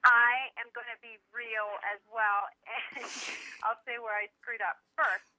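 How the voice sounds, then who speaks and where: A woman's voice: fairly high pitch, steady tone, unhurried, sharp tone, dry recording. A woman calling in to a radio show and speaking candidly and emotionally, with a lot of "like" as filler. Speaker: caller. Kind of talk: phone-in radio chat. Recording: muffled phone line.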